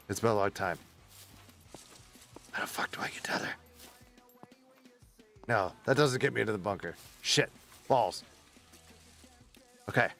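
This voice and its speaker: A man's voice: fairly low pitch, fairly bright tone. A man giving casual running commentary while playing a survival game, muttering and swearing under his breath as he sneaks along. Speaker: gaming streamer.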